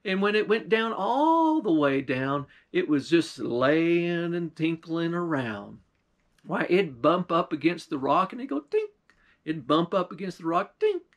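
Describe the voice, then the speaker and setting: Male pastor, high pitch, folksy drawling storyteller. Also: lively intonation, a little slow. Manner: folksy drawl, often starting lines with "why". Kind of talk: folk tale storytelling.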